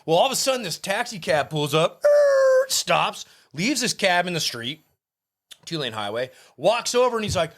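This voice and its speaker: A man and tattoo artist telling an animated, profane story in a casual podcast chat, acting out the people in it. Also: sits high, normal speed. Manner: animated, profane, acts out the people in his stories.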